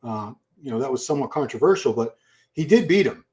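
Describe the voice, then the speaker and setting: A man's voice: medium pitch, expressive, fast, darkish tone. Chatty middle-aged man on a live stream. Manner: chatty, thinks aloud, reacts to chat. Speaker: livestream host. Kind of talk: casual live-stream commentary. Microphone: computer mic for live stream.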